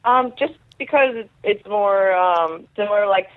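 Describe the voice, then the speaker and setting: A woman's voice: mid-range voice, no room sound. Young woman guest rambling w lots of likes and ums, phone-line sound. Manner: halting, many fillers and restarts. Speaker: guest, pro fighter. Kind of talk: casual interview storytelling. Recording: tinny dry phone line.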